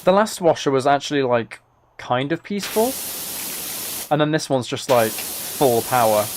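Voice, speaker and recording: A young British man hosting a relaxed livestream, chatting casually and rambling as he answers his chat. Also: mid-range voice, normal speed. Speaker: livestream host. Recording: steady hiss of spraying water behind.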